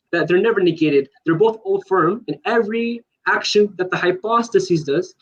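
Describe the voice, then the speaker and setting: A man in a heated online debate, pressing his questions fast and insistently, talking over the other side. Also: high voice, lo-fi sound.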